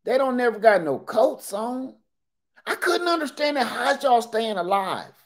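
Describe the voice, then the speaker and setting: A man in his forties, a livestream host telling animated, joking stories in casual talk. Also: extremely high pitch, measured pace.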